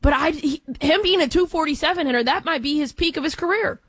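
A young woman co-hosting a sports talk show, giving quick, opinionated takes with easy laughs. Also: sits high, slight background noise.

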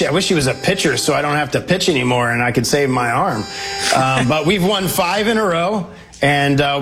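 A congressman speaks as a guest in a political interview, making his points emphatically and with confidence. His voice sits a little higher than most men's. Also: fairly bright tone.

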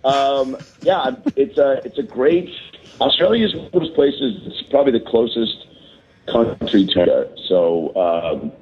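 A man's voice: on the low side, unhurried, breathy edge. Hungover man rambling on a dull call. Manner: joking, rambling, lots of fillers. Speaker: comedian guest calling in. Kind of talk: casual chat on a call. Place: hotel balcony abroad.

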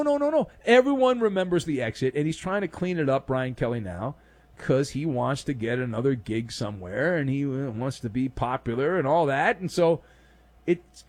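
Animated, sarcastic sports talk man. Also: a little high. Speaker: sports talk show host. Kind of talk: opinionated sports talk monologue.

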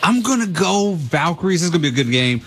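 A man's voice: fairly high pitch, sing-song, fast talker, a bit bright, faint music behind. A man guesting on a sports radio show, giving his picks in an easygoing way. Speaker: guest analyst. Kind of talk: casual sports betting chat.

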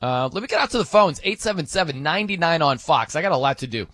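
A man hosting a sports talk radio show, telling stories with lots of bounce in his voice and a bright, forward tone. He tends to mimic how other people talk. The studio mic sounds close and dry. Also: fairly high pitch, fast, no echo. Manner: animated storyteller, often mimics others' voices. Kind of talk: casual on-air banter. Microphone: studio microphone.

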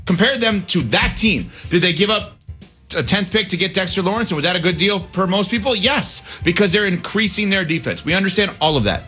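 Man, sports radio host, bright tense tone, slightly husky, emphatic sarcastic delivery, faint music underneath. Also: high voice, animated, a little fast. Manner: emphatic, argumentative, sarcastic asides.

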